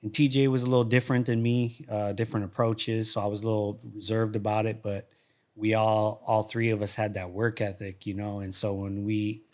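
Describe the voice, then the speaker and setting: A man with a slightly low, easygoing voice tells stories in a relaxed studio interview. He often restarts his sentences and repeats words as he talks. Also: fairly quick. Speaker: guest, former fighter and coach. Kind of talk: casual interview storytelling. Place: podcast studio.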